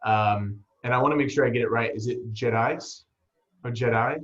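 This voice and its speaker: A man hosting a casual interview over a call, chatty and relaxed, with lots of fillers. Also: medium pitch, fast talker, dull audio. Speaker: podcast host. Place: home, on a call.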